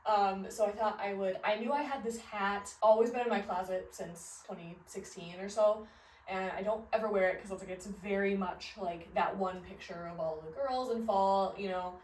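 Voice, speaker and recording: A woman's voice: medium pitch, moderate pace, darkish tone, a little hiss or hum. A woman in her thirties from the Midwest, chatting casually and rambling about outfits from her closet. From American Midwest. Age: 30s. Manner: chatty, rambling, many fillers and laughs. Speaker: fashion vlogger. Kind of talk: casual chat. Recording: roomy, a little distant from the mic.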